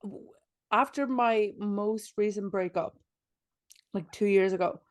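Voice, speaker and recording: A woman's voice: mid-range voice, takes it slowly, no echo. A woman in her late twenties co-hosting a podcast from bed, chatting in a rambling way with lots of "like" and frequent laughs. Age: late 20s. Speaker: podcast co-host. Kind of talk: casual chat.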